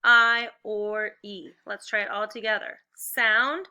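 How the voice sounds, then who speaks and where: A woman teaching first graders a phonics lesson on video. She calls out slow, clearly enunciated drill prompts and gives encouraging, upbeat praise. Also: medium pitch, little pitch movement, crowd noise.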